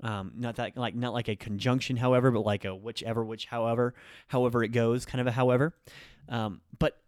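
A man hosting a casual online language lesson, explaining in a relaxed way with frequent ums and likes. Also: medium pitch, a little fast, no echo, studio quality. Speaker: language teacher.

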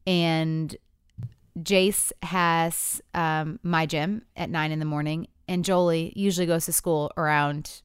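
A woman's voice: sits low, slow pace, smooth, no room sound, clean studio sound. A woman in her thirties telling a couple's story in candid chat, acting out the quotes as she goes. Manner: animated storytelling with voiced quotes.

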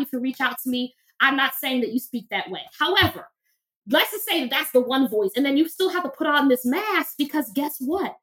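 A woman therapist and minister, a podcast guest, talking emphatically with preacher-like repetition. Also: high voice. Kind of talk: conversational interview.

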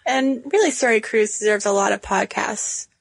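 A woman's voice: mid-range voice, moderate pace, gravelly, breathy edge, no room sound. A woman co-hosting a podcast in casual chat, chatty and laughing, with many fillers. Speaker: podcast co-host.

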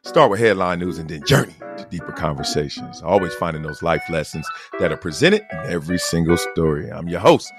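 A man, the host, reading a scripted show intro in a smooth announcer style. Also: sits low, a little fast, few pauses. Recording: voice over music bed.

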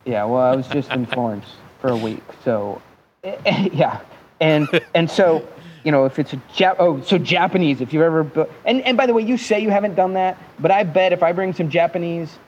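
An animated man telling a story as a podcast guest, joking and cursing freely. His voice sits on the high side and jumps around with mimicked accents. The audio is dull and lo-fi, with faint noise beneath. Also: normal speed.

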